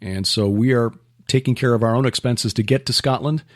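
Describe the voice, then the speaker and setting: Male podcast host, mid-pitched, unhurried, chatty with plenty of ums. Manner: relaxed, many fillers and restarts, lists events. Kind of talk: casual chat.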